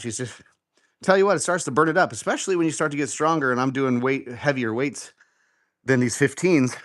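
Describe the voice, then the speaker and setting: A man's voice: medium pitch, fairly bright tone. A middle-aged man hosting a live workout show, casually coaching and counting reps aloud, a little out of breath as he exercises. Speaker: fitness show host.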